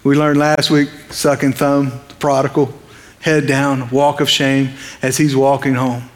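A man's voice: mid-range voice, monotone, a little slow, long reverb tail. A man preaching an evening sermon in a conversational, impassioned way, asking his listeners questions.

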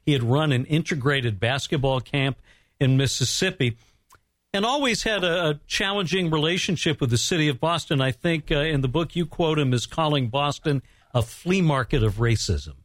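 A man's voice: fairly high pitch, animated, moderate pace, a bit bright, no room sound, clean studio sound. A man hosting a radio interview, asking a guest prepared questions. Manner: laughs along, reads prepared questions. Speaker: radio host.

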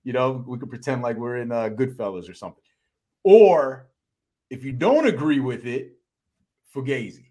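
A man co-hosting a sports podcast in casual chat, animated and quick to exclaim in disbelief. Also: medium pitch. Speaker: podcast co-host.

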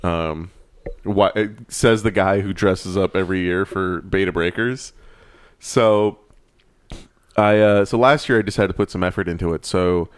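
A man's voice: low-pitched, a little slow, clean tone, dry recording, studio quality. A man from San Francisco co-hosting a casual chat, wry and rambling. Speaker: podcast co-host.

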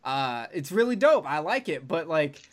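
A man's voice: a little high, sing-song, moderate pace. A man hosting a podcast in loose, profane, joking casual chat. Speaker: podcast host.

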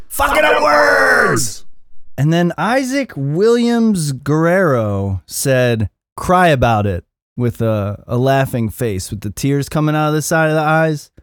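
Middle-aged male podcast host, loose and profane, self-deprecating, mid-pitched, dry close sound. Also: a little mellow, clear, resonant tone, no room sound. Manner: profane, rambling and self-mocking. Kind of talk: casual solo podcast rant. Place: Los Angeles area.

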